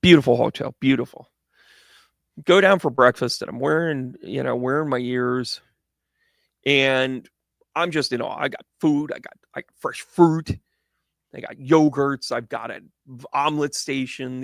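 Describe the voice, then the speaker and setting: A man's voice: mid-range voice, vocal fry, no echo, clean studio sound. A man hosting his own show as a psychic medium, telling a rambling, jokey story full of tangents. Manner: animated, tangent-prone, jokey.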